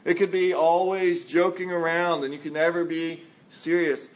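Male pastor, fairly high voice, earnest and conversational sermon delivery, briefly acts out quoted speakers. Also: steady tone, moderate pace, few pauses.

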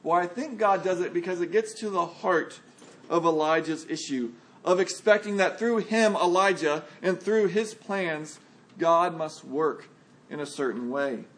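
A man with a notably high voice delivers a sermon. He speaks in measured, deliberate phrases, slowing down for emphasis and sinking almost to a hush on the key words. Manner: measured preaching with slow emphatic phrasing and dramatic drops to a hush. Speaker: pastor.

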